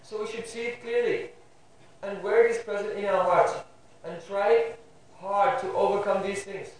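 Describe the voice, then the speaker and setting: A man's voice: high voice, flat delivery, moderate pace, a little hiss or hum. A man teaching a devotional class, often checking in with his listeners with a questioning "hmm?". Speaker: spiritual teacher giving a class. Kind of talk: devotional lecture. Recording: very echoey room, voice far from mic.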